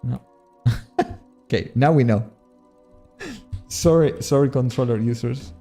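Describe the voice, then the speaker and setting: Faint music plays behind a man who talks slowly in a mellow, medium-pitched voice. A streamer and modpack creator, he casually chats with viewers while gaming, swearing often and joking at his own expense.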